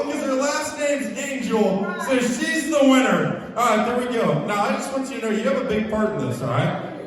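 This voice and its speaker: A man's voice: very high voice, lively intonation, normal speed, a bit bright. A young man leading a youth group talk in a church hall, upbeat and joking as he calls out to the crowd. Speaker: youth pastor. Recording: echoey hall, mic from a distance.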